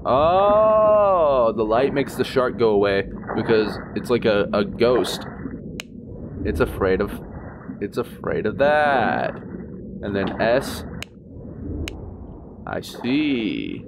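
A man giving gameplay commentary, swearing a lot and reacting in jumpy, excitable outbursts. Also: medium pitch, slow, pauses often, background noise. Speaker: gaming streamer. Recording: game music behind voice.

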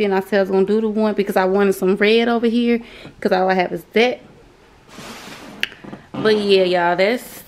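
A woman's voice: medium pitch, slight background noise, low-quality recording. Chatty woman vlogging. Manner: chatty, drawling Southern slang, frustrated sighs. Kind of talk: casual vlog chat. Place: home and craft store.

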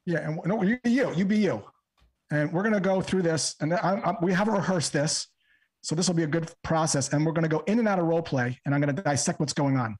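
A man, a sales trainer, calmly explaining and role-playing a cold call step by step on a podcast. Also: a little high. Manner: calm, measured, breaks a method into steps. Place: podcast interview recording.

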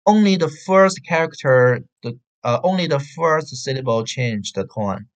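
A man with a Chinese accent teaching an online beginner Chinese class, repeating syllables slowly for drills over a video call. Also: mid-range voice, animated. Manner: slow, repetitive drilling of syllables.

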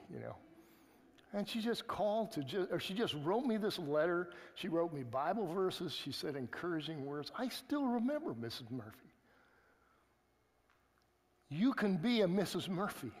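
A man preaching a sermon as pastor, in an earnest, conversational way with pauses and restarts. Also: high voice, in a large hall. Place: church sanctuary.

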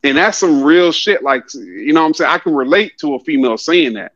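Male podcast guest, fairly high voice, blunt and preachy, dull, dry lo-fi audio. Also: expressive, fairly quick, fairly bright tone, no echo. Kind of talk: casual chat.

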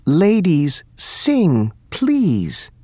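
Figure: a reader doing a young princess in a storybook. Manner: raised, bright voice, eager and loving, slow and clear over a dry, close sound. Style: storybook for English learners. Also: mid-range voice, wildly swooping pitch, no room sound, pitched above the performer's own voice, heavily acted.

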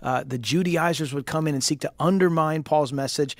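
Gravelly-voiced pastor explaining scripture. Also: male voice, fairly high pitch, brisk, no room sound. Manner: steady, explanatory, with frequent fillers and restarts. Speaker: pastor and co-host. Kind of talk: explaining scripture on a call-in show.

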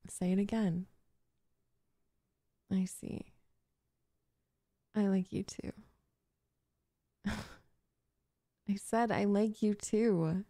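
A woman's voice: mid-range voice, warm tone, no room sound, studio quality. A young woman voicing a possessive, jealous gamer girl in an audio role-play, talking in a bossy, defensive, flustered way. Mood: tender, shy. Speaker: voice actress.

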